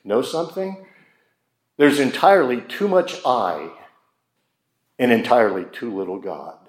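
A man's voice: medium pitch, expressive, measured pace. A man preaching a sermon, speaking emphatically and asking his listeners rhetorical questions. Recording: roomy echo.

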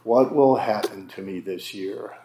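A man preaching a sermon as a pastor, slow and emphatic with dramatic pauses. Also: fairly low pitch, dark tone, roomy sound, slight background noise.

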